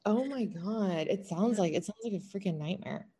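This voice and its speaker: A woman co-hosting a podcast, reacting quickly and chatting casually with a friend. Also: mid-range voice, warm tone, husky. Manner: quick reactive responses, laughs along. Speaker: podcast co-host. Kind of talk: casual chat.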